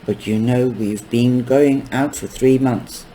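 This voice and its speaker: A man reading aloud voicing a self-assured teenage schoolgirl in his own plain, slow, mellow voice. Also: medium pitch, steady tone, slight background noise, lightly acted, poor audio. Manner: read plainly in the reader's own voice.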